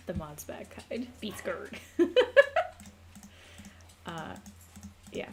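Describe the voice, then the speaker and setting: A slow-paced, relaxed American woman talks through a live stream from home. Her chat is loose and chatty, full of laughs and asides to viewers and pets. A faint hiss sits under the voice. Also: lowish voice. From United States. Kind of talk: casual chat while map-making. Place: home room.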